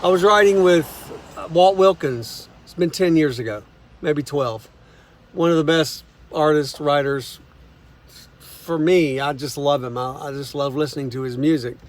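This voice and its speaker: A man, a songwriter, telling stories in a relaxed, folksy way and acting out the voices of the people in them. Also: on the high side, a little slow. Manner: folksy, acts out quoted voices. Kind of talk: casual storytelling monologue.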